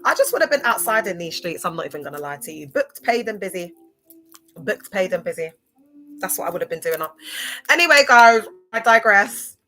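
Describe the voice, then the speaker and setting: A woman's voice: fairly low pitch, sing-song, a little fast, sharp tone. A young woman chatting casually to viewers on a livestream, laughing often. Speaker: livestream host.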